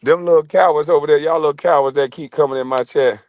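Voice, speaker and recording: A man's voice: a little high, fairly even intonation, fast, a little mellow, dry recording. A man hosting his own livestream, ranting in a profane, mocking way and laughing often. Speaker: livestream host.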